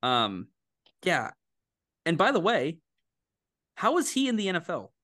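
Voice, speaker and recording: A man co-hosting a casual sports betting podcast, animated and incredulous, quick to laugh. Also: fairly high pitch, dry recording, clean studio sound. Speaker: podcast co-host making picks.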